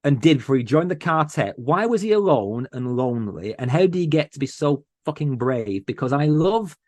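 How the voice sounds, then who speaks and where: A man in a casual podcast interview talks with earnest feeling, often stopping and restarting his sentences. His mid-pitched voice is recorded close and dry, with no room sound behind it. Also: sing-song, darkish tone, dry recording. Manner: emotional, earnest, halting restarts. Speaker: podcast host, interview guest.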